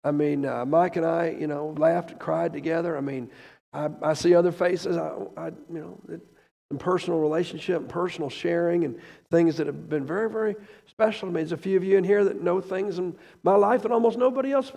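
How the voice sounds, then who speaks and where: An older man preaching, emotional and rambling at first, then rising loud and fervent. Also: fairly high pitch, a little fast, gravelly. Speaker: traveling preacher. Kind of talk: sermon. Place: church sanctuary. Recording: echoey church hall.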